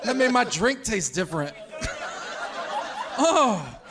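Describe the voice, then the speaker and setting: A man's voice: sits high, big pitch swings, slow, background noise. A man comedian guesting on a live comedy podcast, throwing in dry quips. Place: comedy club stage. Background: live audience laughter.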